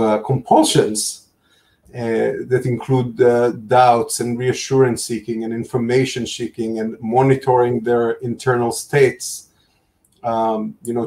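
A man from Israel with an Israeli accent, explaining things in a measured way with fillers, as a panelist on a video call. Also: medium pitch, darkish tone. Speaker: clinician panelist. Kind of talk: live panel discussion.

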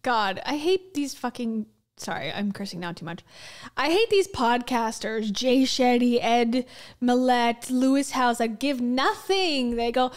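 A woman's voice: fairly high pitch, sing-song, unhurried. Blunt casual woman commentator. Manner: candid, blunt, swears casually. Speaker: commentary host.

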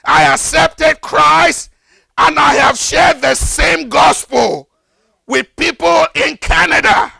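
Gravelly, high-pitched older preacher. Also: male voice, no echo. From Nigeria. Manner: fervent preaching, rises to shouted emphasis and repetition. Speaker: pastor. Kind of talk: sermon.

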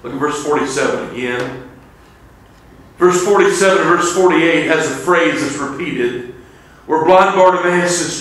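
A man preaching a revival sermon in a fervent, conversational way, dropping into old-style wording when he reads scripture. His voice sits fairly high for a man. The sound rings with heavy echo from the church sanctuary around him. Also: normal speed, fairly bright tone. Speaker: evangelist preacher.

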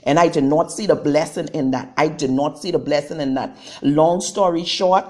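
A woman's voice: low-pitched, moderate pace, warm tone. A woman preaching on a live broadcast as a prophetess, giving a fervent testimony sermon full of repetition and fillers.

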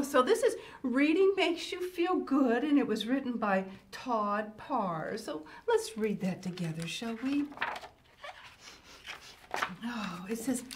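An older woman reads a picture book to children with a high voice that swoops up and down. She talks in a fussy, grandmotherly way and breaks in often with little exclamations. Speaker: children's show host.

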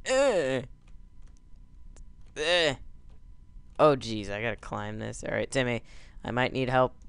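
Male let's-play commentator, silly and jokey, with a smooth, creaky voice. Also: mid-range voice, lively intonation, slow, a bit bright, dry recording. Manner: goofy, yelping over the game's crashes. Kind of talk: gameplay commentary.

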